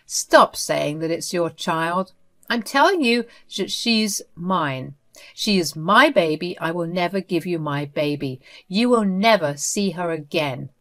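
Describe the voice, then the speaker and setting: A woman's voice: on the low side, animated, measured pace. A woman voicing an unhinged, possessive sister-in-law who speaks in a defiant, dismissive way.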